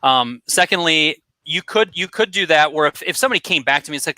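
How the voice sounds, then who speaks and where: Bright, direct man coaching marketing. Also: on the high side, dry recording. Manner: energetic, direct, coaching tone with quick asides. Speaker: marketing guest expert. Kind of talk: conversational coaching advice.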